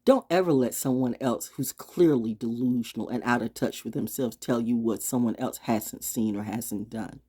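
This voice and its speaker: Blunt, husky-voiced woman ranting freely. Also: normal speed, few pauses. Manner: blunt and profane, swinging from ranting shouts to low asides. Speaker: astrology vlogger. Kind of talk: unscripted monologue. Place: outdoors. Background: birds.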